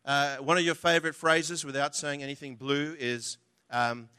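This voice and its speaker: A man's voice: fairly high pitch, fairly even intonation, normal speed, bright, forceful tone, clear, resonant tone. A man preaching a sermon in a conversational, humorous way, often asking the audience questions. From from outside Australia.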